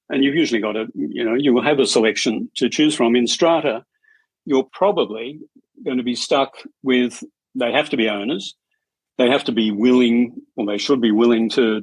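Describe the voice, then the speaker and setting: A man, a strata committee chair, speaking as a podcast guest in a measured, anecdotal way with dry humour. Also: mid-range voice, husky, no echo, rough recording. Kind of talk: conversational interview storytelling.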